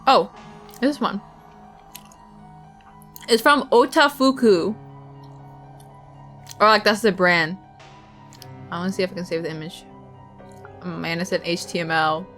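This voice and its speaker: A woman's voice: lowish voice, a little slow, long pauses, a bit bright, faint music behind. A young woman streamer chatting casually with her viewers, rambling and giggly, talking while she eats.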